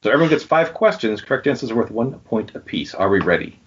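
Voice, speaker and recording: A man's voice: mid-range voice, quick pace, breathy edge. A man hosting a casual wrestling trivia quiz on a podcast, reading out the names and the answers. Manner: lively, reads out questions and answers. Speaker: quiz host. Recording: dull lo-fi sound.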